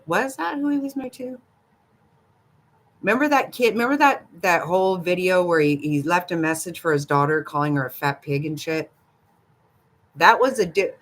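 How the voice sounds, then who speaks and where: An older woman hosting a casual livestream, chatting gossipily with viewers and giggling often. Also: on the low side. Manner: giggly, gossipy, talks back to chat. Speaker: livestream host. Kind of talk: casual live chat with viewers.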